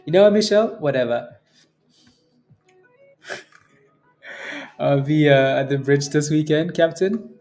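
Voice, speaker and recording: Chatty day-trading livestream host. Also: male voice, fairly high pitch, slow, long pauses, soft background music. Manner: relaxed, chatty, chuckles often, trails off with fillers. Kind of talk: casual livestream chat reading viewer comments.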